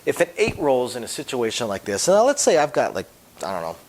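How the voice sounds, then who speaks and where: A man who deals craps, giving an emphatic instructional talk whose phrases often fade to a quiet drop at the end. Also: mid-range voice, huge pitch swings, quick pace, slight background noise, low-quality recording. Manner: emphatic, voice drops off at phrase ends.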